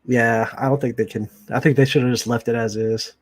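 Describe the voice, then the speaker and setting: A man's voice: mid-range voice, fairly even intonation, brisk, dry recording. Laughing man retelling movie scenes. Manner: laughing, acts out movie lines in bursts. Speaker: podcast co-host. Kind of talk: casual movie chat.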